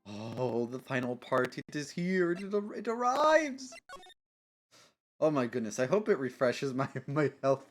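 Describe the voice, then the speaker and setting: A man's voice: mid-range voice, sing-song, a little slow, faint music behind. A man streaming a video game, chatting casually and playfully, giggling often. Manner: giggly, playful, silly voices.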